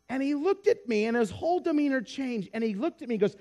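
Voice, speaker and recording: High-voiced animated preacher man. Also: fast, few pauses. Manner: animated storyteller acting out dialogue. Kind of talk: sermon with storytelling.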